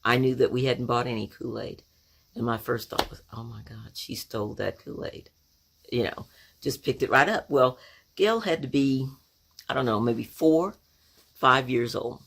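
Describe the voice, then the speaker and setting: A woman's voice: very deep voice, normal speed, a bit bright. A woman in her sixties from Oklahoma telling a childhood story in a conversational, reflective way, full of asides. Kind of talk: personal storytelling to camera.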